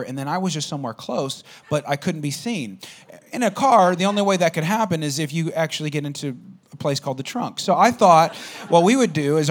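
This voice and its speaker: Man, pastor, sermon, animated storytelling, talks to the crowd, somewhat high voice.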